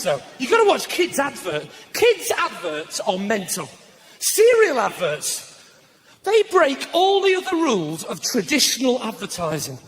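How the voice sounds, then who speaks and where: A man doing stand-up comedy, ranting and slipping into shouted voices for his bits. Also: very high voice. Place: live comedy venue with audience laughter. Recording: noisy live stage recording.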